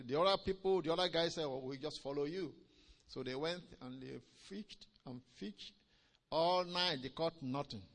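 A man preaching a sermon, swinging between loud emphatic lines and low quiet ones, drawing out key words and calling "Amen?" to the congregation. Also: creaky. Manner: drawn-out stresses on key phrases.

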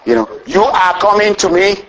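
A man's voice: high voice, lively intonation, normal speed, a bit bright, highs cut off. A preacher doing a fearless young shepherd boy. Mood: confident.

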